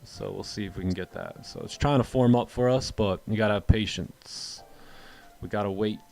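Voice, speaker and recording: A man's voice: fairly low pitch, normal speed, creaky, a little mellow, soft background music. A man hosting a live trading stream, answering chat questions in a rambling, casual way and often repeating words. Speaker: trading livestream host.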